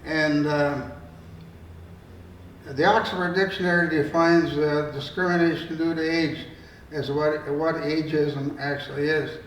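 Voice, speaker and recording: A man's voice: a little high, fairly even intonation, unhurried. A man in his eighties, an author telling stories at a library event in a meandering, folksy, conversational way. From Canada. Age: 80s. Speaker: storyteller and author. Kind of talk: storytelling talk. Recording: roomy room, mic far off, faint noise.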